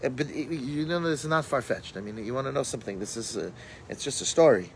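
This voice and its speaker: Rabbi giving a chatty storytelling class. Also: male voice, medium pitch, expressive, fast talker, gravelly, slight background noise, low-quality recording. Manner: storytelling, with Hebrew and Yiddish terms; thinks aloud with fillers and restarts. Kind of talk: conversational Torah class.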